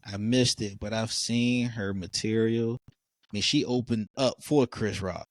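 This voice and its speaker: Excitable storytelling host, dry close mic. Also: male voice, on the low side, unhurried, no room sound. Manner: animated storyteller, excitable, stumbles over words. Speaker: podcast host. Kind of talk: casual interview chat.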